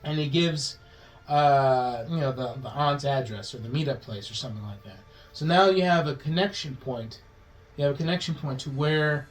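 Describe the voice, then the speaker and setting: A man co-hosting a podcast, pitching a movie plot in a rambling, swearing way and acting out the characters' lines in quick changing voices. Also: poor audio. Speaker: podcast co-host.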